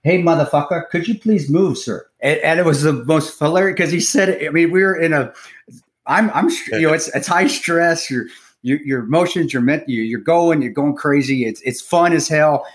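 An American podcast host with a slightly high voice at normal speed tells a story energetically, swearing freely and often restarting his sentences.

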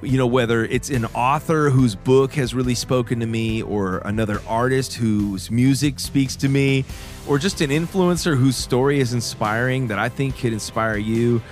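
A man in his thirties hosting a faith podcast, talking earnestly to his listeners and growing soft and emotional when moved. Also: medium pitch, normal speed, faint music behind. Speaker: podcast host. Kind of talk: warm call-in podcast talk.

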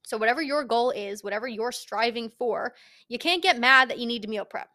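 A woman's voice: a little high, fairly quick, sharp tone. A young woman hosting a fitness podcast, speaking straight to the listener in a casual, emphatic, motivational monologue and swearing freely.

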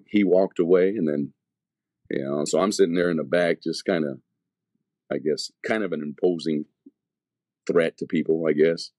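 A man's voice: sits low, mellow, no room sound. A man, an evangelist, telling his conversion testimony in casual, slangy talk full of fillers and restarts.

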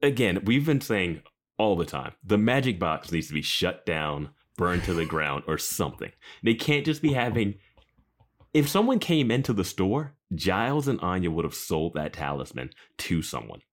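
A man's voice: deep voice, big pitch swings, moderate pace. A man guesting on a podcast, chatty and asking questions in casual talk. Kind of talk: casual chat.

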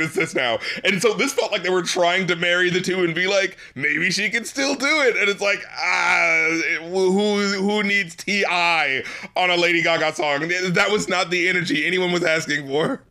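A man chatting casually on a podcast, animated and laughing often as he picks apart songs. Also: high voice, normal speed. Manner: animated, laughs often, mocks lyrics in silly voices. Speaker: podcast co-host. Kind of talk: casual music review chat.

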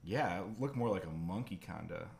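A man co-hosting a casual podcast who talks haltingly and keeps searching for his words. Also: sits low, animated, creaky, a little mellow. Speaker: podcast co-host. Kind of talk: casual chat.

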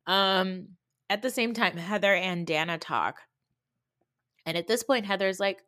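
A woman's voice: on the low side, normal speed, bright, forceful tone, dry recording, clean studio sound. A young woman hosting a podcast, giving a casual, blunt reality-TV recap with swearing and mocking asides. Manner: opinionated, blunt, swears freely; mocking imitations of people. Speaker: podcast host.

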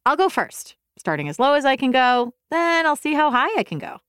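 A woman's voice: sits high, sing-song, normal speed, a bit bright. A woman hosting a music lesson for kids, encouraging viewers at home to sing along. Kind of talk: upbeat kids' music lesson.

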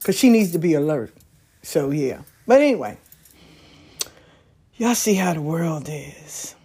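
A woman talking casually on a back porch outdoors, telling stories in a folksy, animated way. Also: low voice, a little slow, breathy edge. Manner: folksy, animated storytelling with laughs. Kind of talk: casual monologue.

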